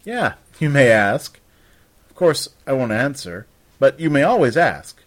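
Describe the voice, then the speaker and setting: A man voicing Raven, a bold, teasing young woman adventurer, in a storybook reading with a husky voice. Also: medium pitch, big pitch swings, moderate pace. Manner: teasing, cheeky.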